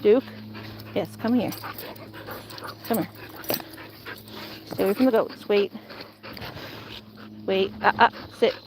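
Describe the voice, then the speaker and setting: A woman's voice: medium pitch, slow, pauses often, noisy background. A woman vlogging outdoors near woods, playfully giving commands to dogs. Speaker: vlogger, dogsitter. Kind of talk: casual vlog talk to dogs.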